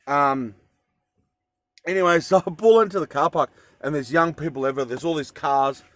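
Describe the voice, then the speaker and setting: A man's voice: a little high, brisk, a bit bright, no echo. An Australian man telling a story in a casual vlog, rambling with fillers and self-corrections. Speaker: vlogger.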